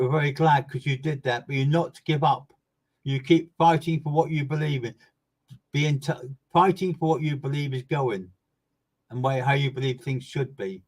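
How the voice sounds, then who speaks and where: On a low-quality recording, a male medium gives live readings and addresses viewers by name. He is earnest and emphatic, repeating words for stress and swinging from loud bursts to soft, low asides.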